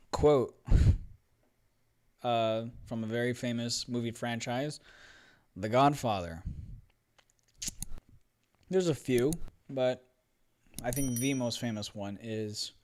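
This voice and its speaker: Brief: male host, unhurried, clear tone, playful, a little hoarse. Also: mid-range voice, darkish tone. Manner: enthusiastic, playful, with frequent fillers. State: slightly hoarse. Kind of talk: casual film commentary. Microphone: studio microphone.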